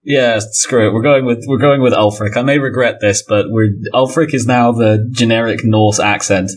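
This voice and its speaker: A man's voice: mid-range voice, fairly even intonation, moderate pace. A man narrating a tabletop game as game master, with dry banter and casual swearing.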